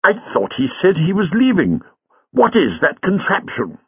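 A man voicing an excitable, fussy elderly male professor who splutters when flustered, on a dull lo-fi recording. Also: medium pitch, takes it slowly, husky, no echo, voice pushed up, full character voice.

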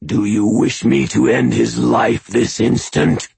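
A man voicing a menacing inhuman skinwalker that purrs and snarls slowly, heard over a phone. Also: mid-range voice, fairly even intonation, vocal fry, darkish tone, slightly rough, no echo, pitched above the performer's own voice, full character voice. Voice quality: purring, slow, seething. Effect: heard over a phone line.

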